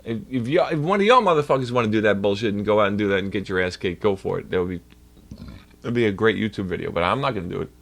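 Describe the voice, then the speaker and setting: A man's voice: lowish voice, animated, quick pace, gravelly, a bit bright. A man livestreaming and ranting in a heated, profane way to his chat. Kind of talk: casual livestream rant.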